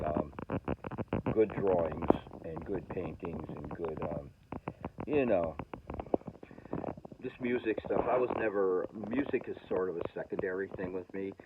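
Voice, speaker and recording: A man from New England rambling in a casual self-mocking monologue, with many hesitant fillers. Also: low voice. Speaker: vlogger. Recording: tinny, lo-fi, noisy.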